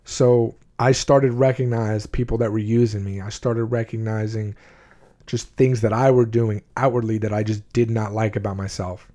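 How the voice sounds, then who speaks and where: A man's voice: on the low side, steady tone, moderate pace, mellow. A man telling his own life story to his viewers, blunt and emotional, often restarting his sentences. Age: adult, at least 20s. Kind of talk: candid personal storytelling.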